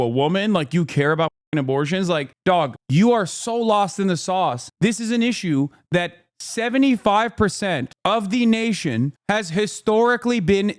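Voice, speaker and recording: A man's voice: sits high, dry recording, studio quality. Profane ranting man in his thirties. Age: 30s. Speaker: streamer reacting to news clips. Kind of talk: heated political commentary.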